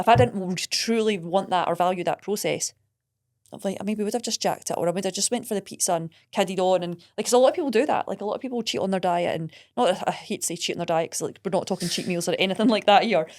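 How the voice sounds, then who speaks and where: A woman, a coach talking in a casual podcast chat, quick, earnest and emphatic. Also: medium pitch, a little mellow.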